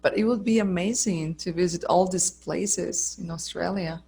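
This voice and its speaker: A woman's voice: fairly low pitch, normal speed, creaky, dark tone, husky. A friendly woman from Colombia, a native Spanish speaker, chatting in English with a Colombian accent. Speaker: English teacher, guest. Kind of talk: casual conversation.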